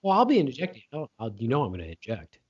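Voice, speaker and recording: A man's voice: medium pitch, huge pitch swings, very fast, darkish tone, breathy edge. A man co-hosting a casual late-night podcast chat, playful and swearing, slipping into comic voices. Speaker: podcast co-host. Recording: dull lo-fi podcast audio.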